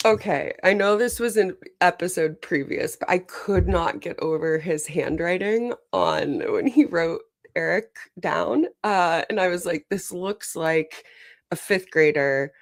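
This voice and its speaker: Low-voiced woman in casual podcast chat. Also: measured pace, no room sound, studio quality. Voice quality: chatty, giggly. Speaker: podcast guest.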